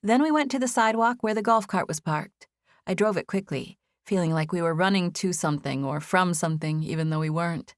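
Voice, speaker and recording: A woman narrating a first-person romance audiobook in a gentle, expressive reading. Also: lowish voice, fairly quick, dry recording, studio quality.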